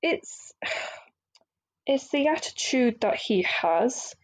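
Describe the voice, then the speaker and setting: Chatty woman, higher voice. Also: animated, very slow, rough recording. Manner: candid and rambling, with many fillers and restarts. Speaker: podcast host. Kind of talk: casual solo podcast monologue.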